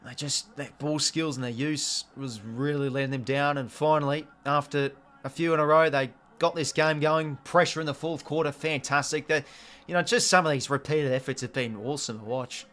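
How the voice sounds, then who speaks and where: Speaking at normal speed with a fairly high pitch, a young Australian man runs a live watch-along, calling the match casually amid excitable bursts and an occasional mild curse.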